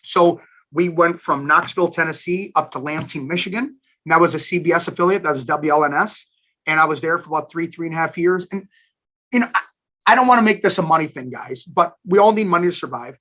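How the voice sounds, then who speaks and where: Middle-aged guy swapping career stories, bright forceful voice a bit on the high side, chatty and animated. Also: quick pace. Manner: animated, chatty storyteller who addresses listeners as guys. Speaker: station general manager, alumni guest. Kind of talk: casual storytelling interview.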